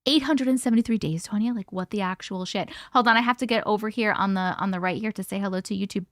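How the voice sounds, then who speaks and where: A woman hosting a casual livestream, reading viewer comments aloud and greeting people by name, playful and quick to laugh. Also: on the high side, bright, forceful tone, no room sound, studio quality. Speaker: livestream host.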